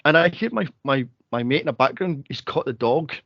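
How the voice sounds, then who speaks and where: A Scottish man, a podcast co-host, telling a spooky story in casual chat, animated and swearing freely. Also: medium pitch, fairly quick, no echo, lo-fi sound. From Scotland.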